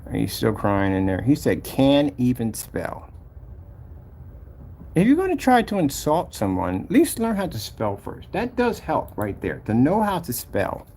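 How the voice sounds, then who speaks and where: A man with a gravelly, creaky voice talks through a screen share in a casual, mocking tone. His pitch jumps around a lot as he gets exasperated, and a faint hiss of background noise sits under him. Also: huge pitch swings, normal speed, few pauses, a little mellow. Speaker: company owner showing his product site.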